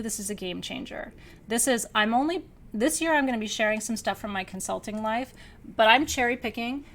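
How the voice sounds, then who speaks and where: A middle-aged woman teaching a class, energetic and outgoing, who laughs often and keeps checking in with her listeners. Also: fairly high pitch. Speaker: spiritual teacher leading an online class. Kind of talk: teaching a live class to students.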